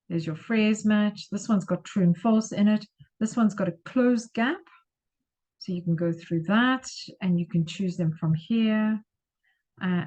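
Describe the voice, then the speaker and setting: A woman English teacher talks through her class materials in an easy, unhurried manner, with plenty of ums along the way. Her voice is dark and mellow, and she speaks slowly. She stretches out words carefully when showing where the stress falls. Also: medium pitch, rough recording. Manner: relaxed, chatty explaining with frequent ums; slows and stresses words to model pronunciation. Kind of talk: screen-share lesson walkthrough.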